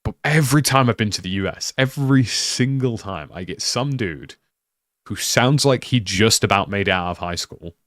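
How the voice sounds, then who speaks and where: A young British streamer talks in a loose, rambling way, stacking up "like" and restarting his sentences. His voice sits fairly low. The sound is dry, with no room echo. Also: expressive, moderate pace, a bit bright. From United Kingdom. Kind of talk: casual live-stream chat.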